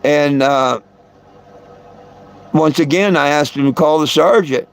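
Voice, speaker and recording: A man's voice: on the high side, slow pace, clear, resonant tone. A man hosting a live stream, telling a long story in a rambling way and repeating his words. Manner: rambling, repeats words, chuckles between lines. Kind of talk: casual storytelling to viewers.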